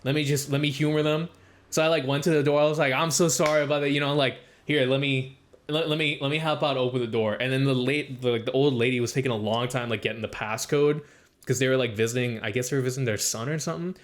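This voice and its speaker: A man's voice: fairly even intonation, fast. A young man co-hosting a casual podcast, telling a long story full of "like" and acting out what people said. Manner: rambling storytelling, heavy use of "like"; acts out quoted speech with raised pitch. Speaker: podcast co-host. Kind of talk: casual chat.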